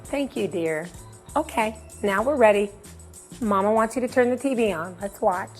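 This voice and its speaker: A woman's voice: medium pitch, lively intonation, moderate pace, music in the background. A woman hosting a comedy show with wry, self-deprecating banter. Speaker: host.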